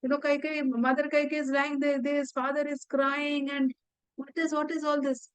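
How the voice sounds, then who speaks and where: A woman with an Indian English accent retells an epic as a lesson, in a high voice. She halts, repeats words and uses many fillers. The recording is dry and close. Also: level tone, normal speed, no room sound, low-quality recording. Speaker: teacher. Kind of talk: storytelling lesson.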